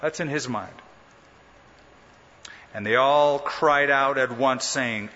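A man's voice: mid-range voice, pushed and bright. Emphatic male preacher in a big hall. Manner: emphatic, dramatic preaching with slow stressed words. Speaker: pastor. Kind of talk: sermon. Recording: muffled sound in a reverberant hall.

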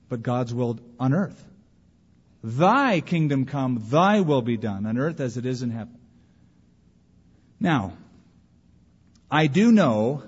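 A man's voice: a little high, slightly rough. A man preaching a sermon as a pastor, telling stories and acting out the voices he quotes. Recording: dull audio with long hall reverb.

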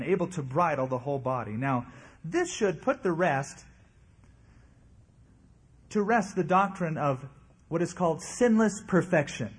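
A man's voice: on the high side, breathy edge. A man preaching a sermon as pastor, earnest and emphatic, his emphasis swinging up and down.

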